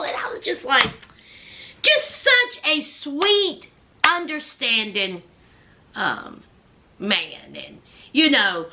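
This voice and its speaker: Animated high-voiced woman recapping TV. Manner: animated storyteller who acts out quotes; chatty and gushing, with many fillers. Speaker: reality TV recap host. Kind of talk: casual recap commentary.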